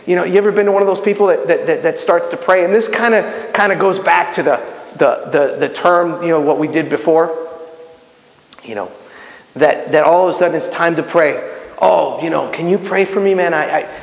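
A man's voice: on the high side, fairly quick. A man from Miami teaching a Bible lesson in a sermon style, acting out prayers with lots of restarts. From Miami, United States. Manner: animated, acts out prayers, many restarts. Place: community center hall. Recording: echoey hall with long reverb.

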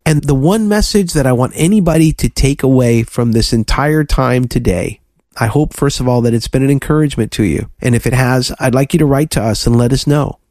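A man co-hosting a faith podcast, preaching fervently and telling lively stories to his listeners. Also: mid-range voice, fairly quick, dry recording, studio quality. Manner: fervent, preachy, animated storytelling. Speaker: podcast co-host.

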